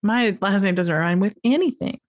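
A woman's voice: mid-range voice, animated, moderate pace. A woman hosting a comedy podcast in casual chat, giggling often between phrases. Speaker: podcast host.

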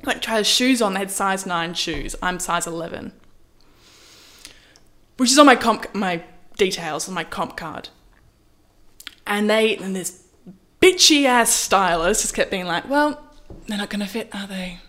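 A woman in casual storytelling, lively, acting out quoted lines with big pitch jumps. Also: unhurried. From Australia. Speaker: model, interview guest.

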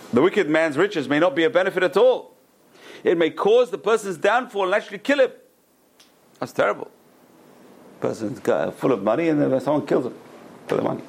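A middle-aged man teaching a Torah lecture as a rabbi, an animated storyteller who repeats words for emphasis and drops in Hebrew terms. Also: a little high, vocal fry, husky. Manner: peppers speech with Hebrew terms.

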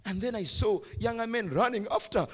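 A man's voice: high-pitched, fairly quick, husky. A man with a Ugandan accent, preaching a youth sermon as pastor, emphatic and repeating key phrases. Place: church hall.

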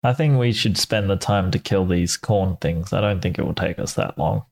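Low-voiced blunt tabletop player. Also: male voice, moderate pace, creaky, a little mellow. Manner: blunt, crude, pushy bargaining. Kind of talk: casual tabletop play.

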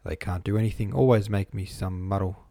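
A man voicing an irritable, peevish old prince who speaks gruffly and dismissively in an audiobook. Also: deep voice, a little fast, dark tone, dry recording, clean studio sound. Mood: brusque. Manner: gruff and dismissive, scornful laugh.

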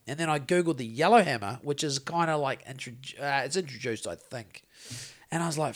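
A New Zealand man with a fairly high voice talks in a loose, rambling podcast chat. He swears freely and gets animated as his stories unfold. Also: brisk. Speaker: podcast co-host. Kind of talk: casual chat.

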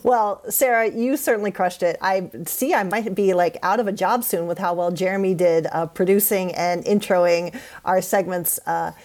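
A woman's voice: on the low side, steady tone, normal speed, hardly any pauses, darkish tone. Upbeat woman hosting a casual podcast. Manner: upbeat, casual swearing, reads the outro. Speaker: podcast co-host.

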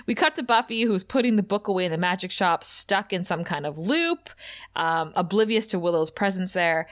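At normal speed and with a fairly bright, medium-pitched voice, a woman chats casually on a podcast she co-hosts, recapping a TV episode. Her intonation is lively, and she laughs a lot, giggly throughout.

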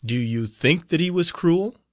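This is an anguished young novice, voiced by a man reading a classic novel aloud. The voice rides higher than the reader's own, with a wide, swooping melody and a faltering, pleading delivery. It is heard close and dry, with no room around it. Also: lively intonation, a little slow, dry recording. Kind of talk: audiobook character reading.

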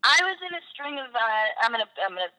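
Bright, high-voiced young woman telling stories. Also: big pitch swings, very fast, poor audio. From Boston area. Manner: candid, storytelling, laughs easily. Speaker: podcast guest, actress. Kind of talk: casual interview chat.

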